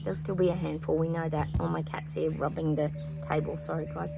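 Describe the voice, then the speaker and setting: Casual, rambling woman host with a lowish voice who talks straight to her viewers, with background music under her. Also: level tone, a little fast, gravelly, low-quality recording. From New Zealand. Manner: chatty, rambling, lots of fillers and asides to viewers. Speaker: psychic channel host. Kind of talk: casual spoken predictions to viewers. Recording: music playing behind.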